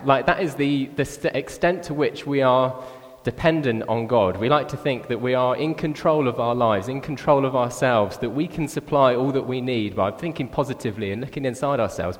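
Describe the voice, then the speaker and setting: Man, sermon, conversational and animated, middle pitch, long hall reverb. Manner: conversational, animated, with frequent "like" and "actually". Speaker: preacher.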